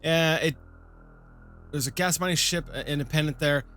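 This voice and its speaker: Bright-voiced man narrating gameplay. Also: fairly high pitch, moderate pace, soft background music. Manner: chatty, thinking aloud with frequent fillers. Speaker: host of a gaming channel. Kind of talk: casual let's-play commentary.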